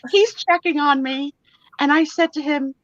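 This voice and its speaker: Her high voice moves at a moderate pace, recorded dry and sounding dull. As a guest on a live vintage photo sale stream, she chats casually, spinning animated, self-mocking stories about herself and performing the voices in them.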